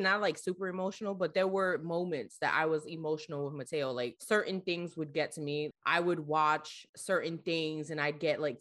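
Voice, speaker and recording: A woman in her thirties co-hosting a casual chat, telling stories in a blunt, profane, animated way. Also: low voice. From Florida. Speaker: podcast co-host.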